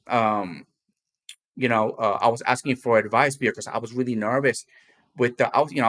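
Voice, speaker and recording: A man's voice: medium pitch, fairly bright tone. Male co-host for a casual talk show, candid and rambling, loops back on his words. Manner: rambling, repeats himself, blunt and candid. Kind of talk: casual morning talk to viewers.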